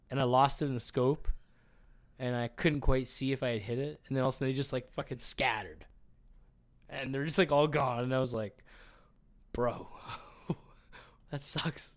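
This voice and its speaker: A man's voice: mid-range voice, moderate pace, long pauses, a bit bright. Rambling, profane man telling a story. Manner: rambling, filler-heavy, profane. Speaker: podcast co-host. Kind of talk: casual chat, storytelling.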